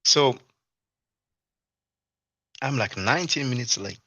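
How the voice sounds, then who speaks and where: Speaking slowly at a medium pitch, a man hosting a livestream meanders through a personal anecdote in casual conversation. His animated telling keeps stalling on fillers and starting over, and there's no room sound.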